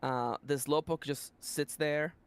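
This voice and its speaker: A man narrating a tabletop role-playing game as game master, setting scenes in an animated, playful way. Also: on the high side, slow pace, smooth.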